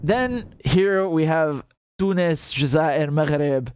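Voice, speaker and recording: A man's voice: a little high, slow pace, smooth, no room sound, clean studio sound. A man hosting a casual livestream, talking loosely, laughing often and breaking into Arabic phrases. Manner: chatty, laughs often, mixes Arabic and English. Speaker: show host.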